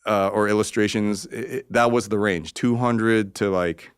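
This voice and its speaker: A man, an artist guest, telling a story in casual, rambling talk, cursing freely and getting animated. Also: fairly low pitch, moderate pace, clear, resonant tone.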